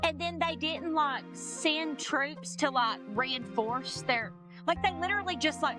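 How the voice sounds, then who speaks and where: A woman's voice: high voice, lively intonation, normal speed, over music. A woman co-hosting a podcast, recapping episodes in a rambling, casual way full of "like" and "you know.". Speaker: podcast co-host. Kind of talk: casual chat.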